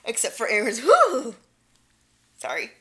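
A woman co-hosting a laid-back podcast, recapping an episode with playful jokes and quick acted-out quotes. Her voice sits a little high and rings brightly. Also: animated. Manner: playful, giggly, acts out quotes. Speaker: podcast co-host. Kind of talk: casual chat recapping a show.

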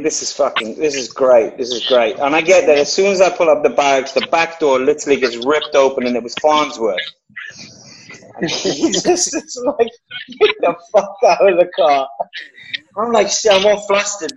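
A man on a panel telling a story in an animated, profane way, acting out shouted lines. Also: a little high, highs cut off, a little hiss or hum. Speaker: actor on a reunion panel. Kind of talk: casual anecdote.

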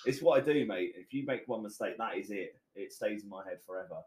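A man with a fairly low voice runs a relaxed football podcast. He teases his friends and laughs a lot. The sound has a noticeable room echo. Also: fast talker. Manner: jokey, teasing, laughs often. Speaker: podcast host. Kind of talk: casual football chat. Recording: roomy echo.

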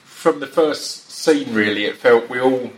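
A man hosting a relaxed chat with a fellow actor, talking in a self-deprecating way with lots of restarts, sitting at a table on the top deck of a bus. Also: mid-range voice, measured pace, slight background noise. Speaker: podcast host and actor. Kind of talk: casual chat.

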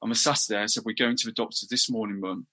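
A middle-aged man from England talking candidly as an interview guest, halting often with restarts and repeated words. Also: on the low side, steady tone, pushed and bright.

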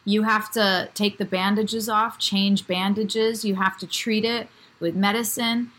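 A woman's voice: mid-range voice, level tone, unhurried, fairly bright tone. A woman in a casual chat, explaining her point step by step in a supportive way.

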